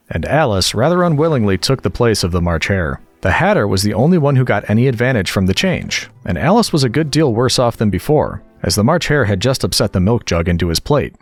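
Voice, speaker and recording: A man reading a classic storybook aloud with expressive narration. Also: on the low side, no echo. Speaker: audiobook reader. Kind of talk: scripted narration.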